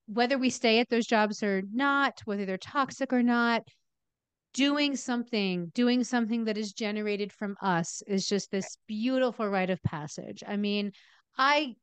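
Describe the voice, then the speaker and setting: A woman's voice: medium pitch, clean tone, no room sound. A woman hosting a casual podcast interview, effusive and affirming, often stumbling over her words. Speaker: podcast host.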